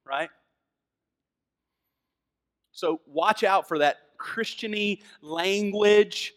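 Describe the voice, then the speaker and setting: Male pastor, Southern American accent, high voice, fervent, hushed to booming. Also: very slow. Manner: fervent, swings from hushed to loud emphatic preaching. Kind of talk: sermon.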